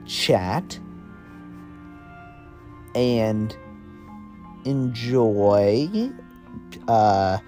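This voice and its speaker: A young man narrates an improvised story to his listeners, rambling and correcting himself as he goes. His pace is slow and easygoing. Faint music plays quietly underneath. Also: lowish voice, animated. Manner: rambling, self-correcting, casual. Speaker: podcast storyteller.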